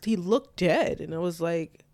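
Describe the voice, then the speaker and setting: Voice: medium pitch, expressive, a little slow, a little mellow. A young adult telling a personal story in loose, casual speech, full of "like" fillers.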